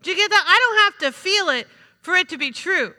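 A woman's voice: extremely high pitch, expressive, brisk, sharp tone. A woman preaching a sermon in a chatty, humorous way, calling out to the congregation for responses. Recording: reverberant hall.

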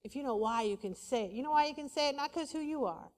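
A woman pastor preaching a sermon, lively and conversational, with playful asides to the congregation. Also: high voice, quick pace. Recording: long hall reverb.

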